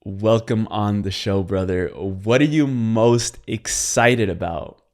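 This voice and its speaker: Slow, low-voiced male podcast host. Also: darkish tone. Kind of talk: interview host.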